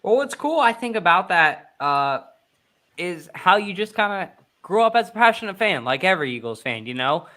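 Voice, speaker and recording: A man's voice: sits high, sing-song, normal speed, pushed and bright. A man hosting a casual podcast, introducing his guest in an upbeat, hyped way. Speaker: podcast host.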